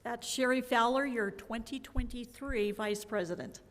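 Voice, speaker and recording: A woman's voice: a little high, normal speed. A woman emceeing an event, announcing each candidate briefly, with small fillers. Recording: hall echo with clicks and noise.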